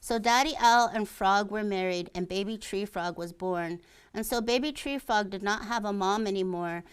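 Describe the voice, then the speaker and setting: A woman storyteller reading stories aloud in a library, slow and careful. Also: medium pitch, clean tone.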